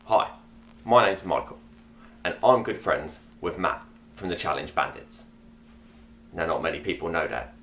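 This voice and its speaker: Guy doing a celebrity voice, real deep, reads a silly rhyme story slow and earnest, a bit of hiss on the call. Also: lively intonation, bright, forceful tone, full character voice. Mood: chatty. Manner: earnest, deliberate reading of tongue-twisting rhymes. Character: male celebrity impression, a grown man reading a silly story. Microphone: webcam or laptop mic on a video call.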